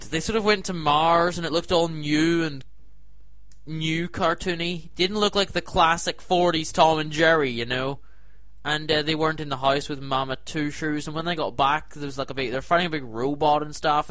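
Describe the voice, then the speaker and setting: A man hosting a comedy segment, ranting in disbelief with sudden loud outbursts. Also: on the high side, moderate pace, no echo. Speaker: comedy show host. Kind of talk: comic rant to camera.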